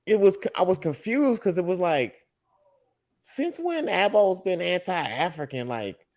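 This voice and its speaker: A man co-hosting a casual, heated chat, getting animated and breaking into loud outbursts when he quotes others. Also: high-pitched, measured pace, no echo, studio quality. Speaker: podcast co-host.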